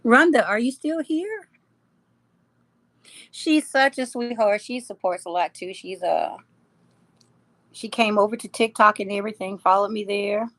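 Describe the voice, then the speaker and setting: A woman's voice: mid-range voice, unhurried, pauses often, fairly bright tone, dry recording. A woman hosting a casual live chat, reading comments aloud, teasing her viewers and laughing often. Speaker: livestream host.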